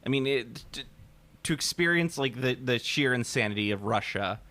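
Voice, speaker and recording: A man's voice: medium pitch, expressive, normal speed, pushed and bright. Joking American man on a podcast. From United States. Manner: joking, tangential, hums tunes. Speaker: podcast co-host. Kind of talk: casual chat.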